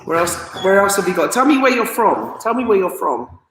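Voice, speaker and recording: A woman hosting a live stream, reading out viewer comments and greetings in a chatty, excitable way, often laughing and stumbling over names. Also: mid-range voice, brisk, slight background noise. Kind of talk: casual live stream chat. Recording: roomy echo.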